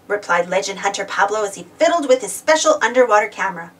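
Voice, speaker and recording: A woman narrating a children's storybook aloud, slow and expressive, with a breathy voice. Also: mid-range voice, distant mic. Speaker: storybook reader.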